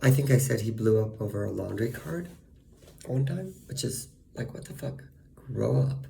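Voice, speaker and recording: A man's voice: mid-range voice, animated, moderate pace, gravelly, dark tone, slight background noise. A man venting in a casual monologue, profane and ranting, full of fillers. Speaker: vlogger.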